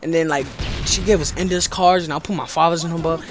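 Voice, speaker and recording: A man's voice: on the high side, steady tone, a little fast, a little hiss or hum. A teenage boy casually telling a rambling, profane story over gameplay. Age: teens. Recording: game gunfire loud behind voice. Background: video game gunfire.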